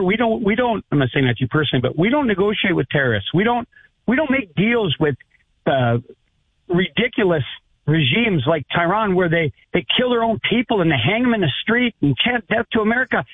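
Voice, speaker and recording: A man's voice: high voice, breathy edge, dry recording. A man calling in to a radio talk show, ranting heatedly and stumbling over his words. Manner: fired up, repeats himself, stumbles over words. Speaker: radio caller. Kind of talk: heated call-in rant. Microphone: telephone. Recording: tinny phone line.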